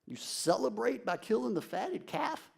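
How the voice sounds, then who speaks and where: A resentful older brother, a young man full of grievance, voiced by a pastor in a sermon. He complains indignantly in a high-pitched voice that sweeps up and down. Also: big pitch swings, measured pace, creaky, exaggerated voice.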